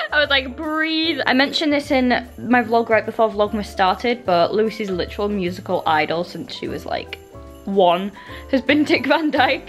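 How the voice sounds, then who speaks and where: A woman chatting in a casual vlog, gushing and excitable. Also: fairly high pitch. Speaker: vlogger.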